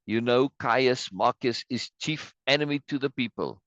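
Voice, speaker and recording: A man's voice: medium pitch, normal speed, fairly bright tone, dry recording, highs cut off, pitched above the performer's own voice, natural voice. A man voicing an angry male citizen who leads a mob, in a read-aloud play reading. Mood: urgent. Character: rebellious male citizen leading an angry crowd.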